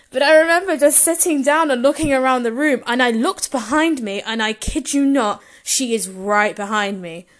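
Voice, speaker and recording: A woman's voice: high voice, measured pace, a bit bright. A young woman tells a personal story in a gushing, emotional way and laughs often.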